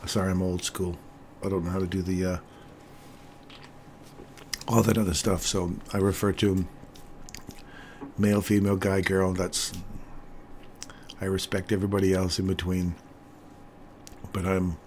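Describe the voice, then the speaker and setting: An older man hosts a live trading stream, chatting casually with viewers while commenting on charts. He's talkative, laughs a lot, and gets animated when telling stories. His voice is low-pitched at a normal speed with frequent pauses, over slight background noise.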